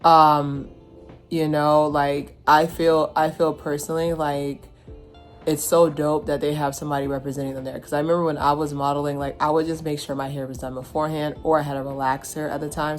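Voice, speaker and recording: Low-voiced woman chatting casually. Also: flat delivery, a little fast, soft background music. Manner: rambling, filler-heavy, frequent restarts. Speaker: show reviewer.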